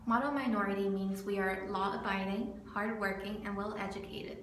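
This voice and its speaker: A young woman from California, a student narrating her video essay from a script, earnest and steady. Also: medium pitch, moderate pace. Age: young adult. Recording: roomy with faint background noise.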